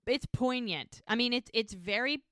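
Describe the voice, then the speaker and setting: Woman, podcast co-host, smooth resonant voice, dry close sound, lively retelling. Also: fairly high pitch, moderate pace, no room sound. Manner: lively storyteller who voices quoted lines. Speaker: podcast co-host recapping episodes. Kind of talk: casual chat, retelling scenes.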